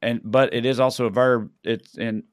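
A man's voice: medium pitch, fairly even intonation, moderate pace, no room sound, clean studio sound. A man co-hosting a podcast in loose casual chat, rambling and correcting himself with a wry tone. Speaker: podcast co-host.

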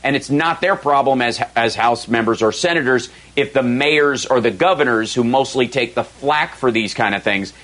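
Guy hosting a talk radio show, rambly and sarcastic, mid pitch. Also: normal speed, hardly any pauses, a bit bright, rough recording. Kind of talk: casual political talk.

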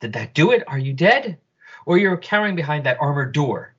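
Cruel sneering villain lady, a guy reading her lines, husky voice, kinda muffled audio. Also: on the high side, sing-song, brisk, a bit bright, heavily acted. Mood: taunting. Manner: taunting, sneering. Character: vengeful villainous woman, cruel and gloating. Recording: dull lo-fi recording.

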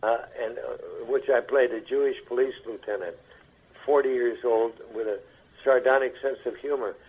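An older male actor tells his stories as a radio guest, his voice husky and his delivery halting, with words often repeated. The broadcast sound is dull and lo-fi. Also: medium pitch. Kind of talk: anecdotal interview talk.

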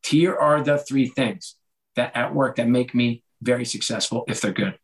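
A middle-aged man talking as a guest in a casual interview, telling animated stories and acting out quoted lines with a laugh. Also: medium pitch, normal speed. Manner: animated storyteller, acts out quoted dialogue with a laugh. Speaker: podcast guest, author and former sports executive.

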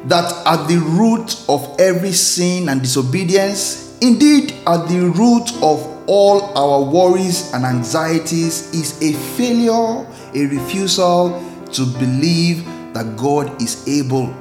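A man hosting a devotional, telling a story and preaching in a measured, earnest way. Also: a little high, animated, roomy sound, over music. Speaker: host and preacher. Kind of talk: devotional sermon.

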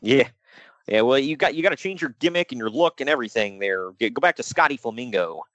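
A man co-hosting a casual podcast chat, animated and jokey, slipping into mock voices. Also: mid-range voice, fast talker, no room sound, dull audio. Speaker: podcast co-host.

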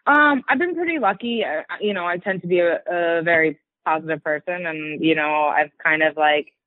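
A woman's voice: on the low side, normal speed, no echo. A woman fighter chatting casually in an interview, rambling with lots of likes and you-knows. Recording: dry, tinny phone-like line.

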